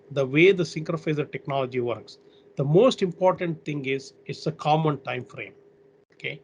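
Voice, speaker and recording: Guy lecturing over a video call, gravelly, lots of restarts and "you know"s, bit of faint hiss. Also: a little high. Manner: halting, with many restarts and "you know" fillers. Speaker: guest lecturer. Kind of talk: technical webinar lecture. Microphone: online video call.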